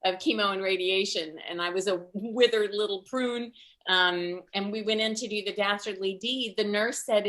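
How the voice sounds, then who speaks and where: Bright-voiced older woman telling comic stories. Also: medium pitch, normal speed. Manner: animated storyteller, acts out voices, laughs often. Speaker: stand-up comedian. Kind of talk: stand-up comedy storytelling. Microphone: video call.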